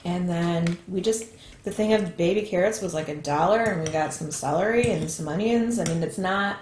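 A woman's voice: lowish voice, moderate pace, darkish tone, slight background noise. Chatty woman cooking in an echoey kitchen. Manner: chatty, explains steps as she goes. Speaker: cooking channel host. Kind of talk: casual cooking chat. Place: home kitchen.

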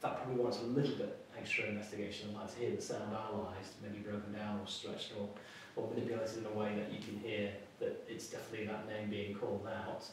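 A man who is the skeptic of a ghost-hunting team, speaking hesitantly and in a measured way. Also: on the low side, level tone, slight background noise. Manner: hesitant, measured, with fillers and restarts. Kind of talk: reflective casual talk. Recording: echoey, distant location audio.

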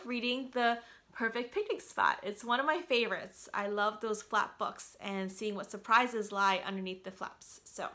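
A woman, a doctor and mother, reading a picture book aloud to children in an animated way. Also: mid-range voice, measured pace. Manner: animated, gasping at surprises. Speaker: doctor and mom reading to kids.

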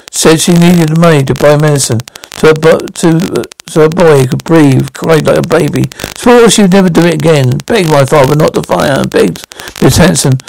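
A cold male cartel lawyer tells his story slowly and deliberately in a fan radio drama, voiced by a man. His voice sits a little high and has a rough, gravelly texture. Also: a little mellow, low-quality recording.

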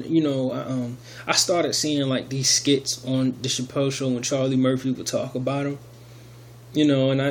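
Telling his story in a loose, rambling way for a video testimony, a man with a mid-range voice keeps restarting and leaning on fillers. There's slight noise in the background.

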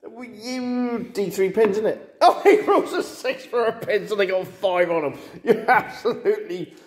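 A man who hosts a tabletop wargame in casual chat, laughs often and curses his dice out loud. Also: high voice, expressive, moderate pace. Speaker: wargame player and host. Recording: echoey room.

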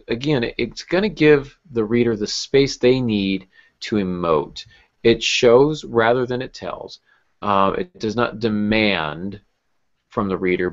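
Low gravelly guy chatting about writing, lots of ums and restarts, kinda dull lo-fi sound. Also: a little slow. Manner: thoughtful, with many fillers and restarts. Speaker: podcast host. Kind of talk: casual writing craft discussion. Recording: dull lo-fi podcast audio.

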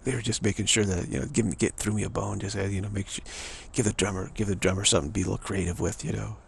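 A man with a deeply gravelly, fry-laden voice sitting a little low in pitch talks to his audience in a loose, meandering way. He circles back on his own phrases and drops into playful scat-like asides, with a faint hiss behind him. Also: steady tone, racing. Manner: loose, repetitive, drum-like scatting and asides. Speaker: speaker addressing an audience. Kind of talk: casual rambling monologue.

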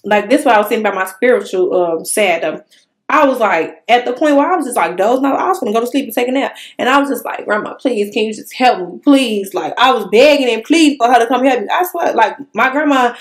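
A young woman hosting a casual podcast chat, telling an animated personal story in casual slang. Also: on the high side, quick pace. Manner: animated storytelling, Southern Black-American vernacular slang. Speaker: podcast host.

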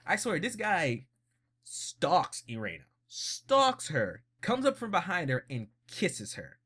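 A man giving a casual, blunt episode recap in a vlog, animated and laughing often. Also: sits high, slow pace, husky. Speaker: vlogger.

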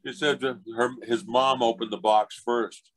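A man's voice: unhurried, poor audio. An older man, a voice actor, telling anecdotes in an interview and acting out other people's voices. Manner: animated, acts out other people's voices in high pitch. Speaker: voice actor guest.

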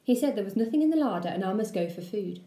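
A woman primary school teacher reading a children's book aloud to her class, with an expressive, playful delivery. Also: mid-range voice, fast, roomy sound.

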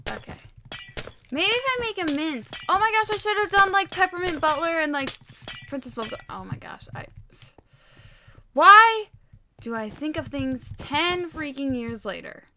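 A woman giving casual gameplay commentary while she builds, excitable and rambling, poking fun at herself. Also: fairly high pitch, slight background noise. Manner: excitable, rambling, self-mocking. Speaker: Minecraft video creator.

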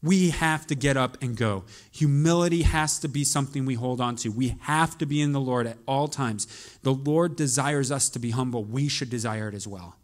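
A man preaching a sermon as pastor, moving from quiet, musing storytelling to loud, urgent calls to the congregation. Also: medium pitch, normal speed.

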